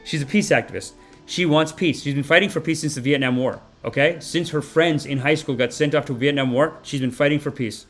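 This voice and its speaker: A man in his thirties from Canada hosting a live-stream podcast of satirical commentary, profane and animated, swinging between loud outbursts and mumbled asides. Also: fairly high pitch, a little fast, soft background music. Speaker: podcast host.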